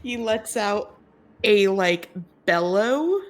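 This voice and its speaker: A woman narrating as game master of a tabletop game, relaxed, with lots of fillers and laughter between lines. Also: medium pitch, drawn-out words.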